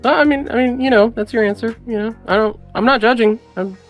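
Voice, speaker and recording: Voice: medium pitch, fairly quick, soft background music. A guest on a casual online chat, dry and wordy, posing long rambling questions.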